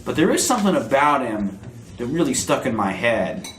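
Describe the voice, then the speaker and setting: A man's voice: medium pitch, big pitch swings, moderate pace, a bit bright. Guy doing a cocky young croc, laid-back slangy drawl, roomy echo. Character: young crocodile man, cocky hired muscle. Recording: roomy echo, faint noise.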